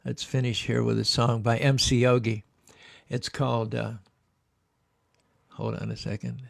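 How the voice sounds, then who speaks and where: A man's voice: medium pitch, little pitch movement, measured pace, creaky. A man hosting his own show, telling a story with chuckles and then rapping a song and leading the listeners in a call-and-response chant. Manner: chuckles while recalling, rhythmic chanting when rapping. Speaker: show host.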